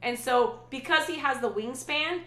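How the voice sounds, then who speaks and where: Bright, chatty woman streamer. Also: high-pitched, normal speed, roomy sound. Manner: chatty and rambling, with frequent restarts and asides. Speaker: livestream host. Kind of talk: casual chat reading viewer comments.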